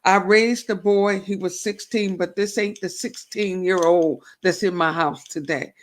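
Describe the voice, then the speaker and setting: A woman's voice: medium pitch, steady tone, unhurried. A woman hosting a faith-based talk show, reflecting aloud and asking herself questions. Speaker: show host.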